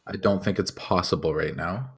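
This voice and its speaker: A man with a very deep voice chats as a player in a casual tabletop game. He asks plain, matter-of-fact questions. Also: moderate pace, vocal fry, slightly rough.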